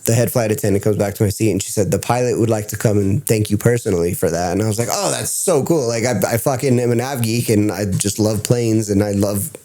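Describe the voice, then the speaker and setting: A man telling stories as a podcast guest in casual chat, excitable and swearing freely. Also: lowish voice, quick pace, few pauses, soft background music. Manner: excitable, profane storyteller.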